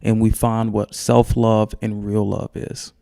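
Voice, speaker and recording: A man's voice: lowish voice, level tone, measured pace, creaky, dark tone, smooth. A man speaking as a podcast guest, exuberant and emphatic, repeating phrases as he tells a parable about finding the solution inside yourself. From United States. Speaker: recovery center executive, podcast guest. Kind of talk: emotional podcast conversation and parable telling.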